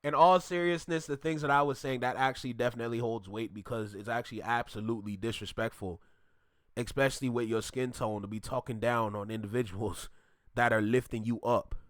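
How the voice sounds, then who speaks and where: A man hosting a reaction video, talking in a casual, animated, joking way, with mock outrage and slow drawn-out words for emphasis. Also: mid-range voice, no room sound, clean studio sound.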